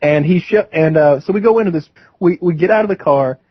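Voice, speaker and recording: A man's voice: fairly high pitch, quick pace, dull audio, slight background noise. A man in his early twenties, a podcast host, telling a rambling, amused story in casual talk full of fillers. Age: early 20s.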